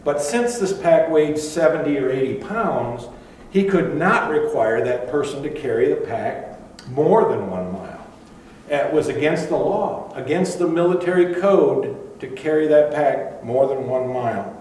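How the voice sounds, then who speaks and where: A man's voice: fairly high pitch, animated, measured pace, darkish tone, a little hiss or hum. Older man preaching in an echoey hall. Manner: conversational storytelling, with asides and fillers. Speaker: pastor. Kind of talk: sermon. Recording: echoey room, far from mic.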